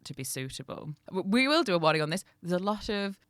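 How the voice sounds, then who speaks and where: A young woman co-hosting a comedy podcast, telling stories with lively acted-out quotes. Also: lowish voice, quick pace, smooth, no echo. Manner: animated storytelling, acts out quotes. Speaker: podcast co-host. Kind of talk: casual comedic chat.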